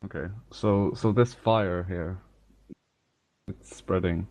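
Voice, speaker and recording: Hesitant low-voiced man asking about rules. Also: fairly even intonation, slow pace, a little mellow, dry recording. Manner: hesitant, questioning. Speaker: player. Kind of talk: tabletop game chat.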